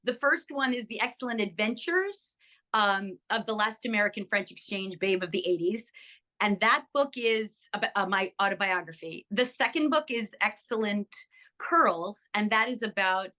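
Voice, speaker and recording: This is a casual interview in which an older actress eagerly discusses her work, her medium-pitched voice moving at a moderate pace. She's lively and expressive, stumbling through plenty of ums and restarts.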